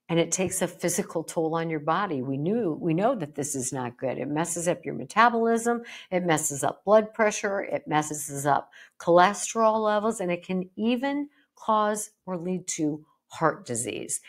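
A woman psychologist hosting a podcast, talking emphatically and getting fired up, slipping into mocking quotes. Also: lowish voice. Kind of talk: podcast monologue.

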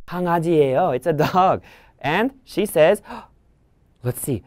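A woman English teacher reading a picture book aloud for children, animated and full of gasps as she explains each line. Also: low-pitched, moderate pace, pauses often, no echo, studio quality. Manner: animated, gasping, bilingual explaining.

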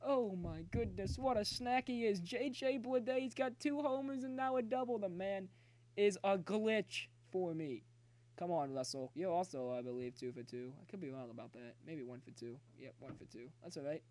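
A young man with a fairly high voice streams a baseball video game live from his phone. He cheers his batters on and chats loosely with his viewers. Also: normal speed. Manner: excitable, talks to chat, cheers players on. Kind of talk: live gameplay commentary.

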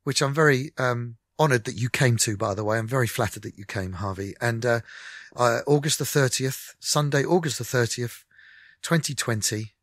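A mid-range, moderately paced male voice belongs to a middle-aged musician on a radio interview. Animated and candid, he tells stories and acts out the dialogue, captured as a dry recording with clean studio sound.

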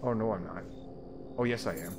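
A man's voice: fairly low pitch, brisk, vocal fry, background noise. A young man giving jokey, jumpy commentary while playing a horror game, swearing and talking to himself. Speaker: let's play host. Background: game music.

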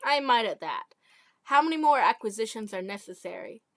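A woman's voice: fairly high pitch, lively intonation, normal speed, fairly bright tone. A woman voicing a commanding alien captain in a self-read short story. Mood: questioning.

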